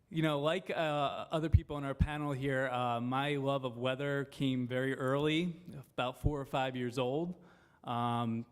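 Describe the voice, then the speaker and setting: A man, a TV meteorologist, introducing himself to a seminar audience in a chatty way with plenty of fillers and asides. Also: medium pitch. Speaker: TV meteorologist on a panel. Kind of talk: informal panel introduction. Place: seminar room before an audience.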